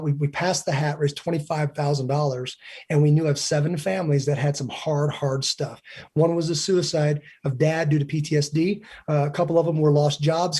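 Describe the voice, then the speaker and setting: Fast-talking husky man in his forties. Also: a little high, mellow. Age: 40s. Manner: earnest storyteller who acts out quoted dialogue. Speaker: podcast guest. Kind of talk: casual podcast conversation.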